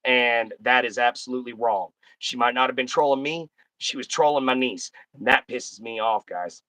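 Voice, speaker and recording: A man's voice: medium pitch, moderate pace, few pauses, pushed and bright, dry recording. Blunt folksy man chatting to his viewers. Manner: blunt, folksy, talks straight to chat. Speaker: live-stream host. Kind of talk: casual live-stream chat.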